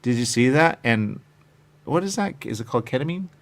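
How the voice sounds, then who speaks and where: A man's voice: medium pitch, lively intonation, brisk. A man hosting a show, chatting casually and rambling from point to point, often acting out what other people say. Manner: meandering, chatty, acts out quoted voices. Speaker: show host.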